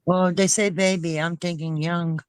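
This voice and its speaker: A woman's voice: on the low side, steady tone, normal speed, no room sound. A woman co-hosting a casual chat panel, talking in an emphatic, heartfelt way. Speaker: panel co-host.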